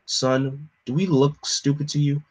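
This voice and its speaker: A man voicing a weary government agent who talks down in a low, quiet, condescending way in a comic reading. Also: level tone, measured pace, low-quality recording. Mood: cold, dismissive.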